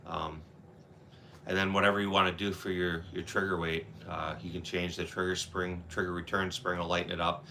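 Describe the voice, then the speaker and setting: Stuffed-up wisconsin guy on a live stream, deep voice, crisp bright tone, loose and chatty. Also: flat delivery, brisk, slight background noise. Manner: loose, chatty, reads out viewer comments. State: congested, sore throat. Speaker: livestream host. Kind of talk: casual live-stream chat.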